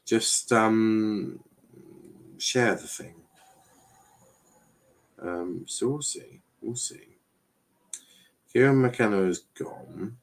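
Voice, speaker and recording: This watchalong streamer, a young man from England, speaks low, slow and husky, with gravelly texture and long pauses, captured on a rough recording. During his casual live football stream he jokes with chat in mock outrage, frequently restarting sentences.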